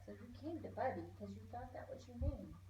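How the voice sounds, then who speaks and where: A woman's voice: on the high side, animated, a little fast, mellow, far from the mic. A woman telling her old dog the story of his puppyhood, in a coaxing, sing-song way aimed at the pet. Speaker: dog owner. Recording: echoey room, voice from off-mic, faint noise.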